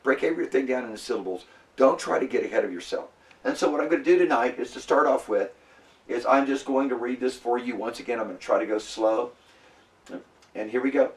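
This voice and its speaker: Relaxed male lecturer, heard from afar. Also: medium pitch, distant mic. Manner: casual, halting, with many fillers and restarts. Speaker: Bible language teacher. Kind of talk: classroom lecture. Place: classroom.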